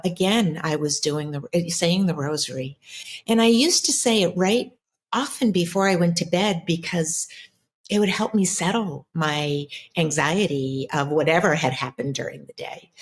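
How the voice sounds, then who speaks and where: A middle-aged woman, a spiritual coach, telling a personal story in an interview in an earnest, reflective way with many restarts. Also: lowish voice. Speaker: ancestral healer and spiritual coach.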